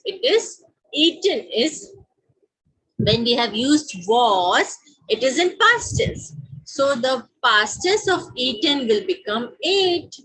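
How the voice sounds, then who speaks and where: A fairly high-voiced woman with an Indian English accent teaches a grammar lesson at a slow, deliberate pace. Her voice is a little husky, and her pitch swings widely as she asks questions and answers them herself. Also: pushed and bright, poor audio. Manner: slow, repeats each example sentence.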